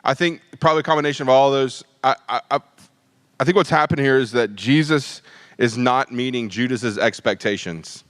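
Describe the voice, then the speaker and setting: A man leading a midweek Bible study, conversational and animated, acting out the disciples' lines. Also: mid-range voice, normal speed, no room sound.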